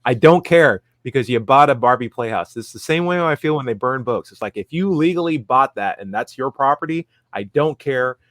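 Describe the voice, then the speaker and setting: Bright, dry-sounding joking man. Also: medium pitch, expressive, no room sound. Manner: jokey, does quick mocking voices in quotes. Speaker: podcast panelist. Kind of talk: comedic panel chat.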